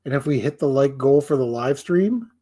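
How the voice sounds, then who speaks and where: A man's voice: mid-range voice, expressive, normal speed, mellow. A man hosting a casual live stream, rambling, swearing and making fun of himself. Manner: rambling, profane, self-deprecating. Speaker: livestream host.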